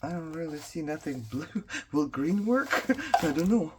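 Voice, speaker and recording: A woman's voice: deep voice, very animated, measured pace, very noisy. A woman whose first language is not English, chatting and telling a story while she crafts, rambling, laughing often and talking to herself as she works. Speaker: craft vlogger.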